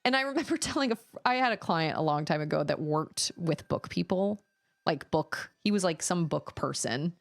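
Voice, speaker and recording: Woman rambling on stream, kinda low voice, chatty and animated. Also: moderate pace, vocal fry. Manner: chatty, rambling, animated when telling stories. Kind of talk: casual chat.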